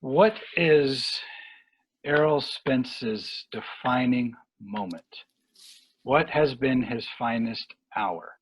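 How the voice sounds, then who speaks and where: A man talking boxing in a casual podcast chat, rambling and halting with lots of fillers and restarts. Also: medium pitch, husky, rough recording. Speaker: boxing analyst guest.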